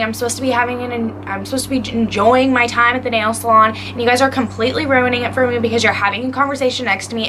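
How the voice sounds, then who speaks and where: A woman's voice: a little high, noisy background, lightly acted. A woman voicing an irritated female salon customer's indignant complaint within her story.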